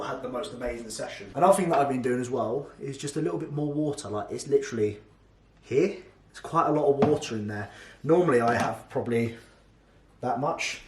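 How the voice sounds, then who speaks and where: A man with a casual, joking manner runs through a fitness product review, swearing freely as he goes. His voice bounces around a roomy space, with a faint hiss underneath. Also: mid-range voice. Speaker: fitness vlogger and coach.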